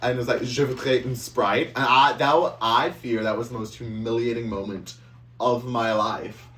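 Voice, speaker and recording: A man co-hosting a casual podcast chat, telling stories in an animated, playful way with crude jokes. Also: mid-range voice, moderate pace. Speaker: podcast co-host. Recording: echoey room from a distance, faint hum.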